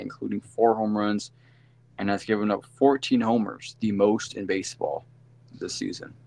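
Man, very deep voice, gravelly fry, casual sports podcast co-host, rambling with fillers. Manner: rambling, self-correcting with many fillers.

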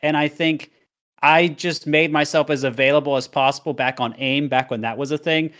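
A man's voice: on the high side, fairly even intonation, moderate pace, a bit bright. A young man answering interview questions about his past with candor and self-deprecating honesty, reflecting at length. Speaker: guest, competitive player and streamer.

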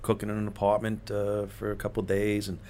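A man's voice: on the low side, monotone, fast talker, a little mellow, slight background noise. A man and former police officer in casual conversation, hesitant with lots of fillers.

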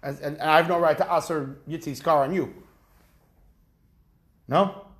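A man teaching a Talmud study class, animated and rhetorical, acting out examples as he explains. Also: fairly high pitch, moderate pace. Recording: echoey room.

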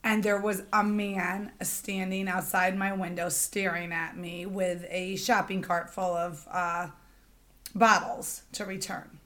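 A woman telling an animated, indignant story in a casual podcast chat. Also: medium pitch, takes it slowly. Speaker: podcast co-host.

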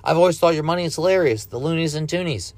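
A fast-talking man from the United States, in his thirties, runs a podcast on his own, meandering casually and profanely in an easygoing way. His voice is on the high side, with no echo in the recording.

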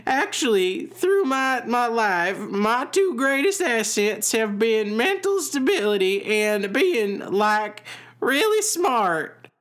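A man's voice: extremely high pitch, sing-song, takes it slowly, fairly bright tone, pitched above the performer's own voice, full character voice. A man doing a pompous, boastful president voice. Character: impression of a boastful male president reading his own posts.

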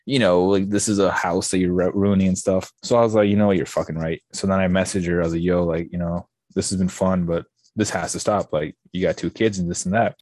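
A young man rattles through an anecdote at a quick clip, his voice on the lower side and recorded close and dry. He swears freely and slips into quoted dialogue as he goes. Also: fairly even intonation, darkish tone, no echo. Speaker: podcast guest. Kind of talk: casual storytelling.

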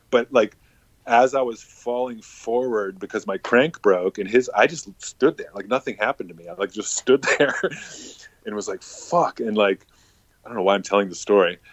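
A man's voice: lowish voice, no echo. A man telling a casual, rambling story full of swearing and filler words.

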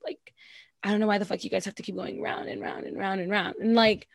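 A woman's voice: medium pitch, steady tone, quick pace, vocal fry, no room sound, clean studio sound. A young adult woman co-hosting a casual chat. She talks bluntly and emphatically, swears freely and leans on "like.". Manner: blunt, profane, emphatic, heavy use of "like". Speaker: podcast co-host.

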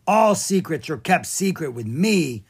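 Hungry dumb ogre cook in a kids' storybook, garbles his words, reader doing the voice, lively pitch. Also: unhurried, slightly rough, exaggerated voice. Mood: dim-witted. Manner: broken, muddled grammar. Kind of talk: children's storybook reading.

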